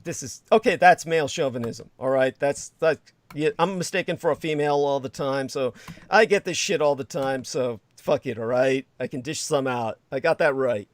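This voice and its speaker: A man's voice: mid-range voice, normal speed, no echo. A man hosting a livestream, rambling in sarcastic commentary with frequent laughter and crude asides. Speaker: livestream host.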